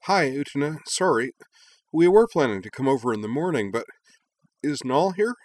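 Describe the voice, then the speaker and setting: A man's voice: lowish voice, animated, a little slow, fairly bright tone, no room sound. A man voicing an impatient, blunt young woman in a storybook reading. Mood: nervous. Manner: pushy, urgent.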